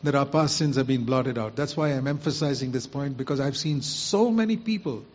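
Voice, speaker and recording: A man's voice: mid-range voice, fairly quick, darkish tone. A man preaching a sermon, earnestly putting rhetorical questions to his listeners. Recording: muffled lo-fi recording.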